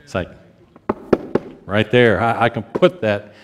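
A man in his fifties preaching a sermon with strong emotion, his pitch climbing when stirred and his voice softening as he acts out prayers of repentance. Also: steady tone, slow pace, noisy background. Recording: long hall reverb.

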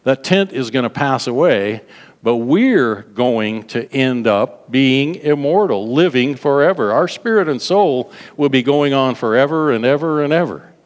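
A man preaching a sermon to a congregation, animated, repeating words for emphasis and prompting them to respond. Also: medium pitch, unhurried. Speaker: pastor. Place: large hall. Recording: long reverb of a large hall.

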